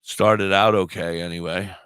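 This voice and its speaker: Deep, smooth-voiced man rambling. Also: fairly even intonation, unhurried, a bit bright, no room sound. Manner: rambling, swears freely, self-deprecating. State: sore throat. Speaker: podcast co-host. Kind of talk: casual storytelling chat.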